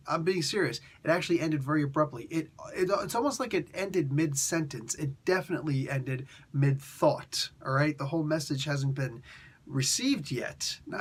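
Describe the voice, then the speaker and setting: Husky slangy comic-book reviewer guy. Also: on the high side, a bit bright. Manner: laid-back, slangy, rambling. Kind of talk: casual video review.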